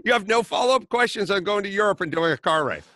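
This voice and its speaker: A middle-aged man hosting a podcast, telling stories in a casual chat and ranting in quick bursts. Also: high-pitched, lively intonation, a bit bright, no room sound. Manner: storytelling, rants in quick bursts. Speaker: podcast host.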